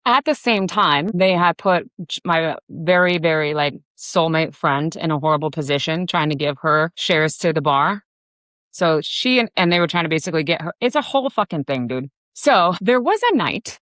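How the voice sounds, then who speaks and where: A woman's voice: low-pitched, dry recording. A woman in her forties, a bar owner from the United States, telling a story in a casual interview with lots of fillers and swearing. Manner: profane, animated storyteller with many fillers.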